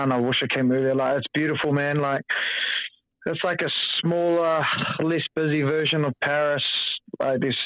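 A man, chatting casually as an interview guest, relaxed and full of "like" and "um". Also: mid-range voice, no echo, lo-fi sound. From New Zealand. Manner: relaxed, lots of "like" and "um". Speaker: guest, rugby player.

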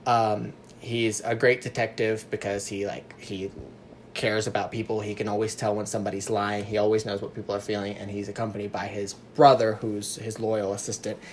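A man's voice: on the low side, level tone, brisk. Young male podcast co-host, casual and rambling, faint noise behind. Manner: self-deprecating, rambling with fillers. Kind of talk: casual chat.

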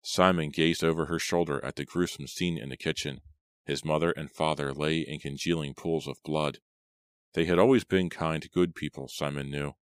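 A man narrating a horror audiobook in a steady, measured reading style. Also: rumbling low, clean tone, dry recording, studio quality.

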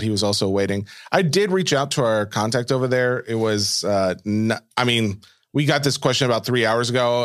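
Dude reading mailbag questions, chill and rambly, dry close mic. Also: male voice, mid-range voice, clean tone, no echo. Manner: relaxed, reads listener questions with filler pauses. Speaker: podcast co-host reading mailbag. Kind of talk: casual chat.

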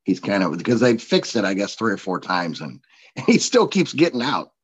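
A man's voice: fairly low pitch, big pitch swings, moderate pace, breathy edge, low-quality recording. A man in his forties from Missouri, a coach and speaker telling stories in a casual podcast interview, laughing often. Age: 40s. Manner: chatty storyteller, laughs often.

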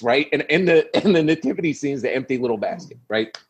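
A man's voice: medium pitch, brisk, slightly rough. A middle-aged man, a guest telling a long comic story with punchy, acted-out quotes. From New York City. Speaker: guest comedian. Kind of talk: animated storytelling on a podcast.

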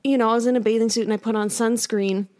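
A woman's voice: on the high side, steady tone, fast, a little mellow. Chatty young woman telling dating stories. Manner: rambling, heavy use of "like", laughs while telling stories. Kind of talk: casual storytelling chat.

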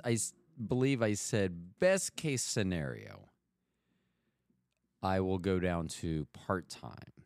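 A man's voice: fairly low pitch, smooth, no echo, studio quality. A man hosting a podcast, talking casually in a rambling, chatty way that keeps interrupting itself. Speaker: podcast host.

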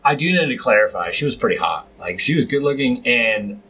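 A man's voice: medium pitch, animated, a little fast, pushed and bright, slightly rough. Rambling, profane young male podcast host. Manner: rambling, profane anecdote telling with frequent laughs. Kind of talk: casual storytelling chat.

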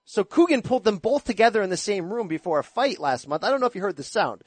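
A man's voice: sits high, lively intonation, fast, no echo. A man hosting a boxing podcast, telling a story with eager enthusiasm. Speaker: podcast host. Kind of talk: casual chat.

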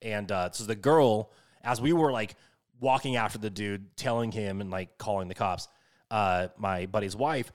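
A young man telling a story in casual chat, animated, swearing freely and filling his talk with "like". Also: lowish voice, moderate pace. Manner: animated, swears a lot, many fillers.

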